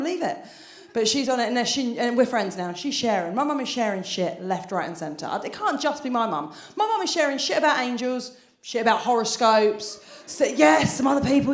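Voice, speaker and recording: A woman stand-up comedian performs a chatty, self-deprecating set before an audience on a theatre stage, restarting often with filler words. Her voice is high, and the room is echoey.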